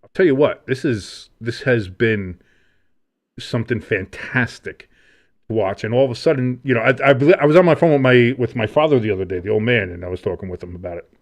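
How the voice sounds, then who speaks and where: With a medium-pitched, fairly quick delivery, the man co-hosting a casual sports podcast rambles on, profane and full of fillers.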